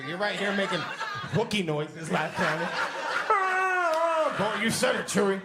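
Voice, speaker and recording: Male stand-up comic: brash, profane, lively pitch, echoey club with loud laughs. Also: heavy background noise. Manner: brash, profane, animated delivery. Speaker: stand-up comedian. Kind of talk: stand-up comedy with crowd work. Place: comedy club stage. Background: audience laughter.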